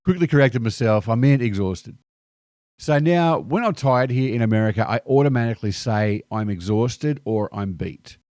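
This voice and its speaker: A man with an Australian accent telling stories to camera in a lively, slang-filled monologue. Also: mid-range voice, moderate pace, hardly any pauses, dry recording, studio quality. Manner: lively anecdotal delivery sprinkled with slang. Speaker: video host. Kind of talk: scripted storytelling monologue.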